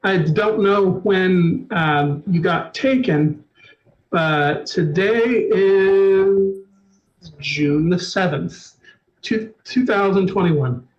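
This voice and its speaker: A man's voice: sits high, extremely slow. A man voicing a nervous male doctor who stammers and repeats his words, on a dull lo-fi stream recording. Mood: nervous stammering. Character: nervous stuttering male doctor, jumpy and anxious.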